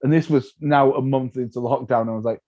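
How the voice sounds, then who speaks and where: A man chats through an interview, telling comic stories with put-on voices and quick jumps up in pitch. His voice is mellow and dark. The recording sounds dull and lo-fi. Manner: animated storyteller, acts out voices, laughs often. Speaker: comedian guest. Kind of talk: casual interview chat.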